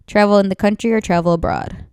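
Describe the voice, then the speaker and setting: A woman's voice: medium pitch, steady tone, fast, a little mellow, smooth, dry recording, clean studio sound. A young woman hosting a podcast, telling stories in a chatty way and swearing freely. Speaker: podcast host. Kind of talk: casual chat.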